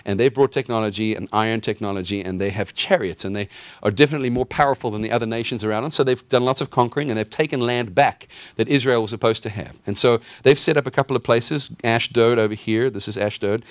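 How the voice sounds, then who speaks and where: A man's voice: fairly low pitch, fairly even intonation, fast, dry recording. A man teaching a casual Bible lesson from a map in an enthusiastic, chatty way, with fillers and restarts.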